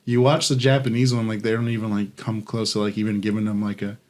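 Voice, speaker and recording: A man's voice: fairly low pitch, level tone, quick pace, darkish tone. A man co-hosting a podcast in casual chat, rambling with lots of fillers and swearing. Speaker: podcast co-host.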